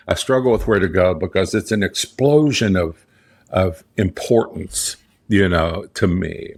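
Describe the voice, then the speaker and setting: A gravelly, low-sitting male voice belongs to a middle-aged studio owner and portrait photographer from the Southern United States. Interviewed in his studio, he shares stories conversationally, earnestly stressing his words and repeatedly restarting and echoing key phrases.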